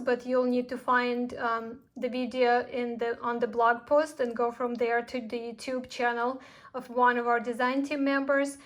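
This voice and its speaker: A woman who runs a craft shop, chatting casually to viewers with announcements and heartfelt thanks. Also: a little high. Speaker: craft shop owner hosting a tutorial event. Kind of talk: casual tutorial sign-off and announcements.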